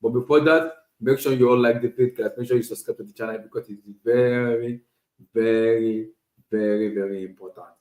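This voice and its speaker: A man hosting a casual solo football talk stream, animated and repetitive, often restarting phrases. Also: medium pitch, normal speed, reverberant, poor audio. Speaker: podcast host. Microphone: streaming setup.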